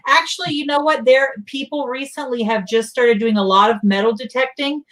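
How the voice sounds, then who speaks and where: High-voiced woman chatting about home. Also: a little fast, fairly bright tone. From South Carolina. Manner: friendly, laughing, storytelling. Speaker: guest. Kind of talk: casual live-stream chat.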